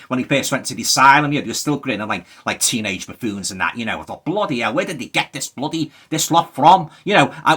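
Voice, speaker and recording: Man, Liverpool accent, bright husky voice, rambling, exasperated movie review. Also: on the low side. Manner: rambling, exasperated, full of fillers like "you know" and "and that". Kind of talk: casual spoken review.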